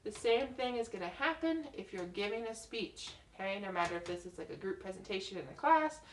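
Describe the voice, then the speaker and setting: A woman's voice: medium pitch, lively intonation, a little fast, far from the mic, slight background noise. A young woman tutoring on study skills in a casual, chatty way, often checking in with "okay?". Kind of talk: casual video tips. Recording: roomy echo, mic set back.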